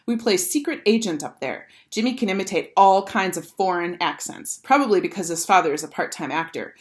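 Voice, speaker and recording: A woman teacher reading a children's chapter book aloud with expressive, animated storytelling. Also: lowish voice.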